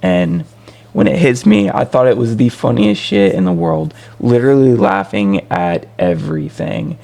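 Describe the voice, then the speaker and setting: Gravelly, lively storytelling man. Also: medium pitch, moderate pace. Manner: rambling, animated, full of fillers. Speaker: vlogger. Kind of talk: casual storytelling.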